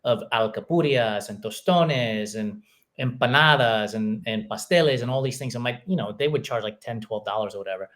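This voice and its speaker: A man's voice: medium pitch, normal speed. A man hosting a podcast, who grew up in New York City, chatting casually and telling stories with frequent laughter. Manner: laughs often, relaxed storytelling. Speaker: podcast host. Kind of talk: casual chat.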